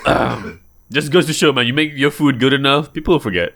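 A man's voice: fairly high pitch, huge pitch swings, takes it slowly, long pauses, fairly bright tone. A man guest-hosting a podcast, joking and laughing through loose comedic rants. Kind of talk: casual comedic podcast banter.

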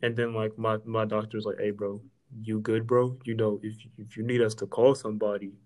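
A man's voice: lowish voice, flat delivery, brisk, darkish tone, rough recording. A young man in casual chat, joking and acting out quotes, saying "bro" a lot. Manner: joking, says "bro" often, acts out quotes.

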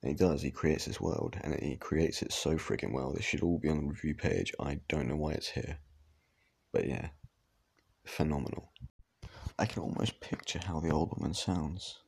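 A man's voice: very deep voice, normal speed, creaky, a little mellow, husky. A man giving rambling, casual reaction commentary, swearing now and then. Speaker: reaction vlogger.

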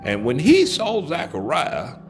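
A man's voice: on the high side, huge pitch swings, measured pace, faint music behind. A man telling a folksy story aloud, leaning on key words and drawing them out.

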